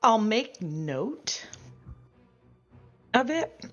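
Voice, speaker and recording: A woman speaks as a player at a tabletop game, drawing her words out very slowly with pauses. Her voice sits a little low and comes through a dull, lo-fi mic. Faint music plays behind. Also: big pitch swings, a bit bright. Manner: slow and hesitant. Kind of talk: casual chat at a game table.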